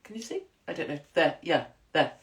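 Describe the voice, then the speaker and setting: A woman's voice: low-pitched, expressive, fairly quick. A woman in a casual monologue, telling blunt, profane, rambling stories. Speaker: commentator.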